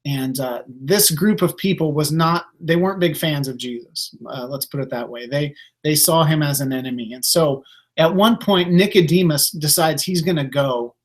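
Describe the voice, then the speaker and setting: A man's voice: on the high side, normal speed. A man preaching a casual, conversational sermon, with many fillers and restarts. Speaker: pastor.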